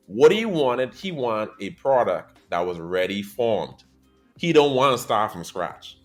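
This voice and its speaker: Male podcast host, lively up-and-down delivery, casual anime chat, faint music underneath. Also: lowish voice, a little slow. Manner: animated storyteller, swings between loud and quiet.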